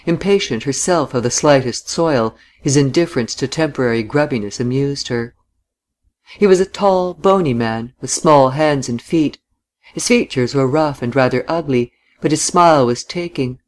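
Man, audiobook narrator, measured literary reading, middle pitch, even delivery. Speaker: audiobook reader. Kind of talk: scripted narration.

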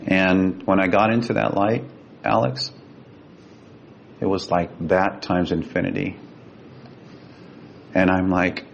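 A man with a gravelly voice, a guest telling a personal story in an earnest, vivid way. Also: flat delivery, slow pace, pauses often. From Sacramento, California. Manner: earnest, vivid, emotional retelling. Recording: dull lo-fi with faint rumble.

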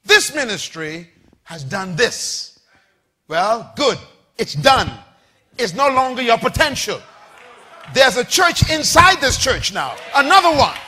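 High, lively, shouting male preacher. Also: takes it slowly, slightly rough. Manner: call-and-response preaching, shouting and rising. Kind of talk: sermon. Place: church with congregation.

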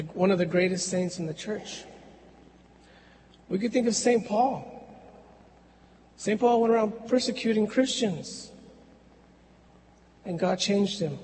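A man preaching a sermon in a slow, measured way with long pauses, in a church. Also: high-pitched, a little mellow, big-room sound, a little hiss or hum, low-quality recording.

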